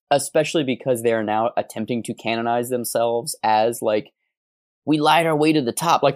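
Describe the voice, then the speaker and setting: A man co-hosting a casual podcast, talking in an animated, wordy and analytical way with quick asides. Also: medium pitch, dry recording, studio quality. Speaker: podcast co-host.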